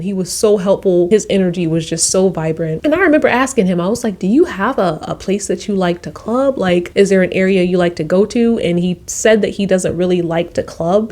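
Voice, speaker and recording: A young woman vlogger telling a travel story in a casual, animated way, acting out her own quotes with high excited bursts.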